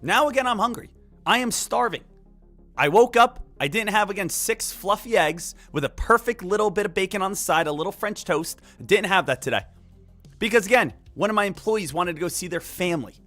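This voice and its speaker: A man streaming live market commentary, energetic and emphatic, repeating key points and joking with viewers. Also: high-pitched, a little fast, faint music behind. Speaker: day trading live streamer.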